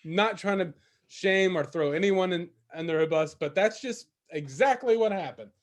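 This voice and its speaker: A man telling a rambling anecdote on a casual podcast, halting and restarting as he goes. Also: high voice. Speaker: podcast co-host. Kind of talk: casual storytelling.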